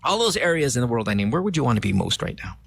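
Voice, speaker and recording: A man's voice: medium pitch, big pitch swings, rapid-fire, creaky, over loud music. Joking man hosting morning radio. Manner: loose, joking, banters with co-hosts. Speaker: radio host. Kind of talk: morning radio chat, reading listener shout-outs. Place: radio studio.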